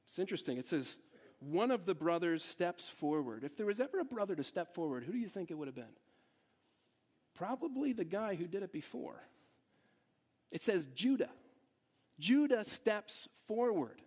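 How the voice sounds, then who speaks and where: A man's voice: high voice, sing-song, fairly quick, a little mellow. A male pastor preaching a sermon to his church in a conversational way, asking the congregation rhetorical questions. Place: church service in a theatre hall.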